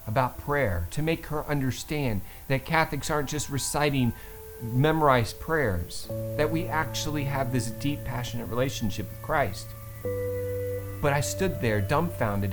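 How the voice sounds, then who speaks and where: A middle-aged man telling a story to camera, expressive and swinging between low asides and loud exclaims. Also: poor audio. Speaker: Catholic vlogger.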